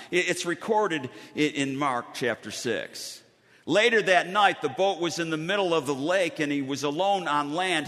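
A man preaching a sermon, telling stories with dramatic pauses and lively emphasis. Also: fairly high pitch. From Western New York. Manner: animated storytelling with dramatic pauses. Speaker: pastor. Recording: reverberant hall.

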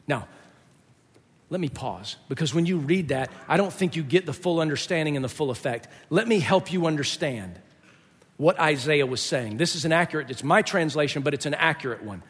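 A man's voice: medium pitch, normal speed, slightly rough. A male pastor preaching a sermon in an emphatic, explanatory way. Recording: long reverb of a large hall.

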